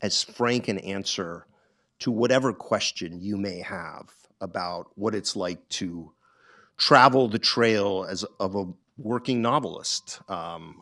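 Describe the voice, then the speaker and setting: Low-voiced middle-aged man musing aloud. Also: a bit bright. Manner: reflective, halting, with frequent ums and restarts. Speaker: author. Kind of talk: bookstore author talk. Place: bookstore event.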